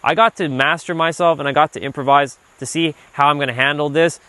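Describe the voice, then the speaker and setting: A man hosting a livestream while out on a walk, talking loosely and casually, filling his talk with "like" and now and then letting a swear slip when he gets animated. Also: on the high side, a little fast, no echo. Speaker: livestream host, self-improvement speaker. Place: outdoors on a walk. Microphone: handheld gimbal rig.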